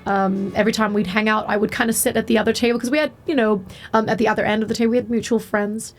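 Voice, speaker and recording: A woman's voice: fairly high pitch, fairly even intonation, rapid-fire, soft background music. A woman streamer chatting frankly about her life while she plays, full of filler words. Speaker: game streamer. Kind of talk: casual storytelling while gaming.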